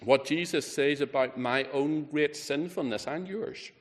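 A man preaching a sermon, emphatic, rising on key words and falling low and quiet at the ends of phrases. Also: unhurried, few pauses. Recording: reverberant hall.

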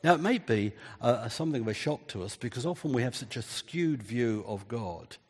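An older man delivers an earnest sermon, stacking repeated phrases for emphasis. His husky voice rings out with a long reverb, as in a church hall. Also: medium pitch, lively intonation, normal speed, a little mellow. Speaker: preacher.

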